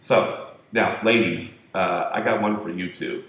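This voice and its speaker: A man's voice: deep voice, steady tone, measured pace, fairly bright tone. A man telling a crude, profane, joking story in a rambling monologue. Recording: echoey room.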